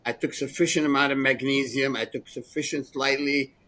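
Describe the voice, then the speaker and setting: A man in his sixties telling rambling, animated stories as a podcast co-host, laughing often. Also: medium pitch, fairly quick, low-quality recording. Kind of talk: casual storytelling chat.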